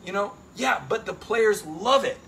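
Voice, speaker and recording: A middle-aged man hosting a casual sports talk show, animated and emphatic, often turning to listeners with "right?". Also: sits high, unhurried, gravelly, a little hiss or hum. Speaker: sports reporter and show host.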